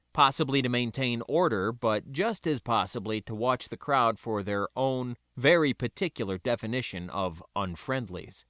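A man narrating a first-person story aloud in an expressive reading. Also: mid-range voice, no room sound, studio quality. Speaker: audiobook narrator.

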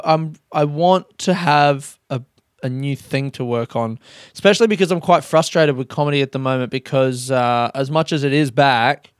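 A man's voice: medium pitch, clear, resonant tone, no room sound, clean studio sound. A young Australian man, a stand-up comedian, hosting a solo podcast monologue and swearing constantly in loose, rambling bursts.

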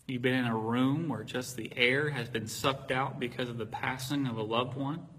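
A male preacher from Virginia talks his congregation through a sermon, joking and telling stories. His tone is bright and slightly husky. The recording carries the long reverb of a big church hall. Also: mid-range voice. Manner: conversational, jokey storytelling.

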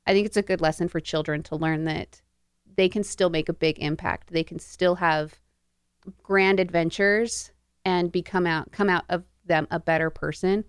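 An adult woman with a lower, smooth and resonant voice co-hosts a casual book podcast. She speaks thoughtfully and earnestly. The recording is dry. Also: steady tone, moderate pace, dry recording. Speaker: podcast co-host.

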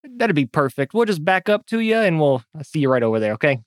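A man playing a character in a tabletop game, lively and self-mocking, often laughing. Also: a little high, fast, dry recording. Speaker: player.

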